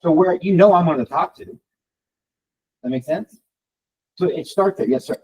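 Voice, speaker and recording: A man teaching a live workshop to a room of colleagues, talking fast and asking the audience questions. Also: on the high side, breathy edge, poor audio. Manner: fast, animated, addresses the room directly. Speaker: real estate trainer.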